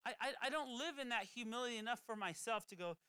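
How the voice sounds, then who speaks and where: Chatty preacher talking casual, bright and crisp voice, dry close sound. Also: medium pitch, fast, no room sound. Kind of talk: conversational sermon.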